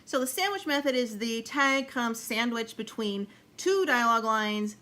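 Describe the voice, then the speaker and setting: A woman's voice: a little high, animated, moderate pace, sharp tone. A woman giving a chatty video lesson on fiction writing, acting out example lines of dialogue and laughing now and then. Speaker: writing instructor. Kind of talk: explanatory video talk.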